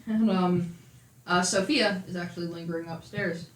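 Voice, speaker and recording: A woman's voice: on the low side, fairly even intonation, normal speed, noisy background. A woman running a tabletop game as game master, narrating in a casual, loose way with many fillers. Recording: echoey room.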